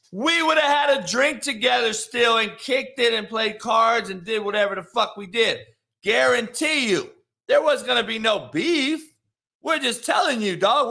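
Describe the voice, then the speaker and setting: Man, heated profane sports rant, high lively voice, repeats himself. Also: gravelly. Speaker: sports commentator.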